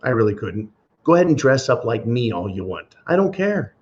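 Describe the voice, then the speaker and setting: A man hosting a solo podcast rant in a sarcastic, profane manner. His voice sits at a middling pitch. The recording sounds dull and lo-fi. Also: sing-song, fairly quick, darkish tone. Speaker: podcast host.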